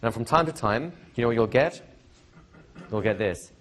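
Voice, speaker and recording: With an animated, medium-pitched voice at normal speed, a middle-aged man leads a live hypnosis seminar, pausing often. He talks in a chatty, conversational way, says things more than once, and frequently checks in with the audience through questions.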